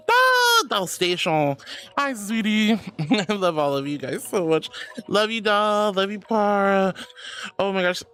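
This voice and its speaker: A woman streamer chatting casually with viewers in a bubbly, giggly, affectionate way. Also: fairly low pitch. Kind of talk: casual livestream chat.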